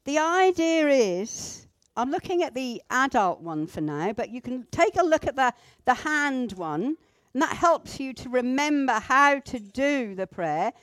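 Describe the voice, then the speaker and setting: A woman teaching a group how to pray, gentle and instructive, with pauses. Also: high-pitched, big pitch swings, dry recording. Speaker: church group leader. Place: indoor room with a group at tables.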